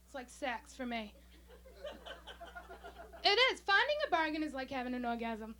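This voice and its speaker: Bubbly, excitable young woman comic. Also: sits high, moderate pace, long pauses, a little hiss or hum. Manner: bubbly, excitable, breathless delivery. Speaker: stand-up comic. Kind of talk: stand-up comedy set. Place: small comedy club stage, audience laughing.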